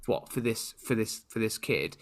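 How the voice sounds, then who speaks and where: A man's voice: on the low side, expressive, normal speed. Chatty British podcast co-host, man. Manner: chatty, rambling, playfully sarcastic. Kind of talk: casual chat.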